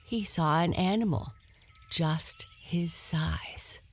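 A woman narrating a bedtime story softly, slipping into a whisper. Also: on the low side, slightly rough. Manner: soft, slow and lulling, dropping to a whisper.

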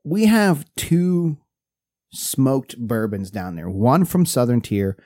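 A man's voice: mid-range voice, sing-song, slow, mellow, no room sound, clean studio sound. A man co-hosting a podcast in casual chat, rambling and restarting as he goes. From Pennsylvania. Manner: rambling, restarts often, laughs while telling stories. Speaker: podcast co-host.

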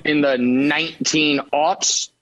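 A man guesting on a sports radio show, trading animated, mock-indignant banter, his voice jumping up when he gets worked up. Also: slow pace, muffled recording. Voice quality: higher voice he calls bad for radio.

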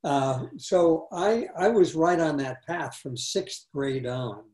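A man, a former TV executive and author, answering interview questions in a relaxed, anecdotal way. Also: a little high, takes it slowly, roomy sound.

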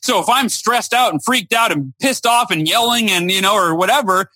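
A man with a high, bright voice tells his story in an interview. He speaks emphatically and acts out the quoted lines with lively shifts, recorded close and dry. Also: normal speed, dry recording. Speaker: guest speaker and author.

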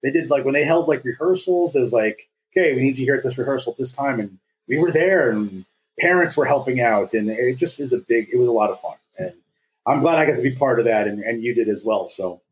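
A man's voice: mid-range voice, animated, fast talker, rough recording. A man in his forties co-hosting a casual podcast, telling stories with jokes and a lot of filler words. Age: 40s. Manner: jokey storyteller, slips into silly put-on voices. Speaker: podcast co-host. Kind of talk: casual chat.

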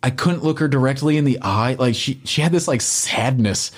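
A man telling a story on a casual podcast, animated and swearing often, with a jump into a high voice when he acts out what was said. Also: moderate pace, husky.

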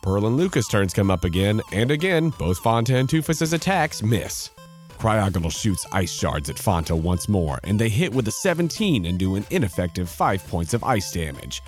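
A man with a fairly low voice narrates a tabletop game battle. His delivery swoops up and down as he reads out each dice roll, with faint music playing underneath. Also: moderate pace. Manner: lively storytelling, reading out dice rolls.

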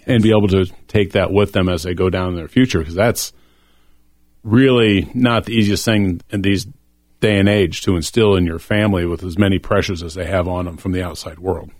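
Middle-aged guy rambling thoughtfully about faith and family, lowish voice, dry sound. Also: brisk, a little mellow, no room sound. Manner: reflective, earnest, rambling. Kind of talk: faith-based discussion.

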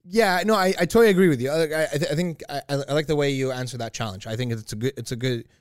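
A man's voice: fairly high pitch, rapid-fire, no echo, studio quality. A man co-hosting a casual podcast chat, rambling and searching for his words as he challenges the other host.

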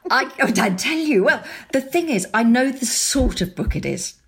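A middle-aged woman novelist chatting in an interview, animated, laughing often and restarting her sentences. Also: a little high, moderate pace. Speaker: novelist guest. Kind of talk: casual interview chat.

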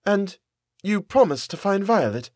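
A man's voice: high-pitched, big pitch swings, unhurried, a little mellow, dry recording, clean studio sound, voice pushed up, heavily acted. A man doing a timid young woman. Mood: hesitant. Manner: small, hesitant.

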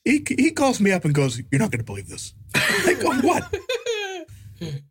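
A man on a podcast joking in an animated way, acting out little bits in voices. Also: high voice, brisk, husky. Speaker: podcast co-host. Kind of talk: casual podcast banter.

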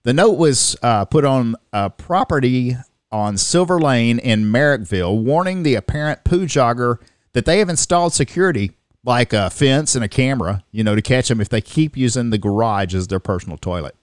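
A man hosts a comedy news podcast with a bouncy, animated delivery that swoops up and down. He reads headlines and riffs on them with a joking, easy manner. His voice is close and dry, with no room sound around it. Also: medium pitch, normal speed, no echo. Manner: jokey, reads headlines aloud, laughs often. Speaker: podcast co-host.

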